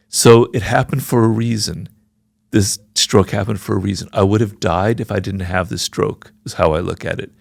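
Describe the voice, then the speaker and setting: A man's voice: on the low side, vocal fry, no room sound, clean studio sound. A man in his sixties speaking frankly and reflectively as a guest in a conversational interview. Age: 60s. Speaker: podcast guest, author.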